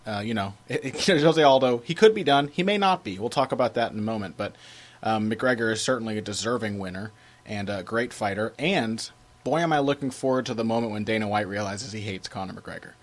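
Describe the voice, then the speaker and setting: Animated man chatting on a podcast. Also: lowish voice, fairly quick. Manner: lively and emphatic, often breaking into laughter. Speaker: podcast co-host. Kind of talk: casual chat.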